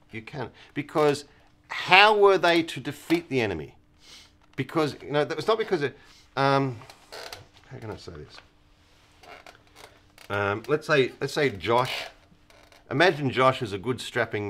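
A man's voice: mid-range voice, expressive, a little slow, pauses often, fairly bright tone. Chuckling man teaching the Bible. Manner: chuckles often, acts out quoted voices. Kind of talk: casual Bible teaching chat.

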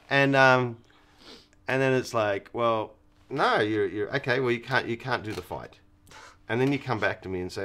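A man's voice: mid-range voice, normal speed, a bit bright. A man teaching the Bible in a casual chat. He laughs often and acts out the voices of the people he quotes.

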